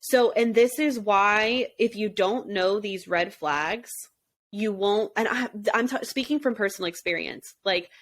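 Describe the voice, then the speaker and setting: A woman's voice: medium pitch, a little slow. A young adult woman co-hosting a podcast, talking casually and emphatically, swearing and acting out quotes. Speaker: podcast co-host. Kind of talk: casual chat.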